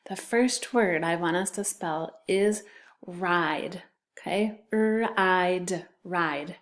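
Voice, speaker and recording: A woman's voice: fairly low pitch, takes it slowly. A woman teacher giving a recorded spelling lesson to children, patiently sounding out letters and syllables.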